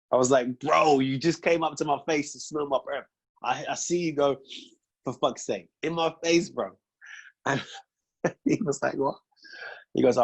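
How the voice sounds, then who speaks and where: A man's voice: medium pitch, breathy edge. A young man hosting a casual chat, telling stories and acting out both sides of conversations. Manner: animated storytelling, acts out police exchanges. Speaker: podcast host.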